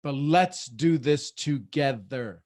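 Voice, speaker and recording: A man, hosting a group video call as a mentor, animated and goofy, often repeating words as he talks. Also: mid-range voice, slow.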